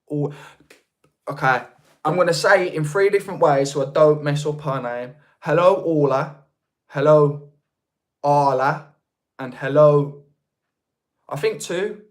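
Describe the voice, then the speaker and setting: A young man with a broad Birmingham accent talks loosely to his livestream viewers, often restarting his sentences. His voice sits a little higher than most men's. He speaks in a casual, unpolished way. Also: normal speed, pauses often. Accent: Birmingham (Brummie). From Birmingham, England. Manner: chatty, rambling, with many restarts. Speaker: livestream host. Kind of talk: casual live chat reading viewer comments.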